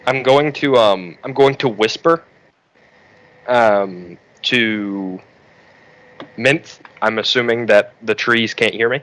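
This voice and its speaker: Low-voiced man playing a tabletop game. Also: takes it slowly, pauses often, a bit bright, rough recording. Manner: methodical, checks the rules. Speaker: player. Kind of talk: casual tabletop game chat.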